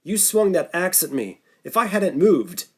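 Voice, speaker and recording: A man's voice: high-pitched, sing-song, a little slow, a little mellow, husky, voice pushed up, heavily acted. A man doing an indignant young survivor. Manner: indignant, agitated.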